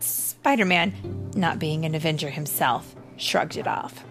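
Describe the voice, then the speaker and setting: A woman reading a storybook aloud to a child, gently explaining words and story as she goes. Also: low voice, unhurried, over music.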